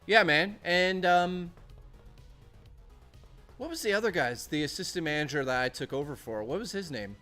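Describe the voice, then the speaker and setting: A man's voice: on the high side, expressive, normal speed, long pauses, sharp tone, soft background music. A man streaming casually, rambling and chatting and reading out messages from his chat.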